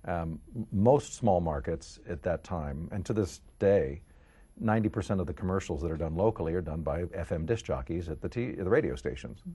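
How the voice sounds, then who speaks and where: A middle-aged man with a very low, husky voice recalls his early career in a relaxed interview. He is from the Kansas City area, and his delivery rises and falls widely. He slips into quoted voices as he tells the story. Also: fairly quick. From Kansas City area, United States. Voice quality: deep voice. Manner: animated, jumps into quoted voices. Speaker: voice-over actor, interview guest.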